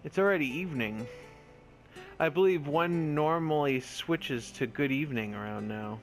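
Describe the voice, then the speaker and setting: A man's voice: a little high, moderate pace, soft background music, close to an everyday voice. A man reading the lines of a cool, reserved young male lab assistant in a video game, in a dry, formal way.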